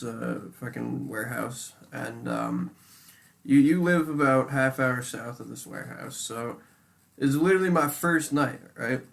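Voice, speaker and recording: Gravelly-voiced man ranting casually. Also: medium pitch. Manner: animated, heavy swearing, says "dude" a lot. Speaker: podcast co-host. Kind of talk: casual chat.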